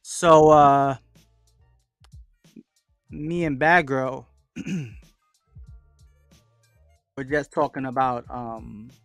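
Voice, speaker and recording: A man hosting a casual live stream, chatting loosely, reading out viewers' comments and giving shout-outs. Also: medium pitch, extremely slow, dry recording, soft background music. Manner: reads out and answers viewers' chat comments; relaxed, chatty, with frequent fillers and shout-outs. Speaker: livestream host. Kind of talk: casual livestream chat.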